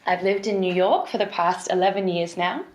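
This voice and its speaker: A woman with a softened Australian accent, a communications trainer and stage actor, explaining her ideas articulately in a podcast interview. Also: on the low side, normal speed. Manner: articulate, expressive, fluent explainer. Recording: roomy echo.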